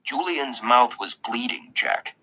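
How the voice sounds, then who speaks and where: A man reading an audiobook voices a calm, kindly school principal in a gentle, measured way, sometimes hushed. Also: medium pitch, low-quality recording.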